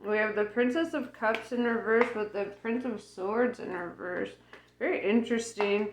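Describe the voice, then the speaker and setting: A woman's voice: medium pitch, normal speed, slight background noise. A woman giving a casual tarot reading who rambles with lots of fillers and laughs often. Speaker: tarot reader. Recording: roomy echo.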